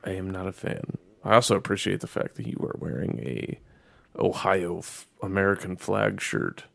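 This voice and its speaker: Gravelly-voiced man on a sweary rant. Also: deep voice, expressive, normal speed, a bit bright, dry recording. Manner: profane, sarcastic ranting. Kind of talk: casual chat.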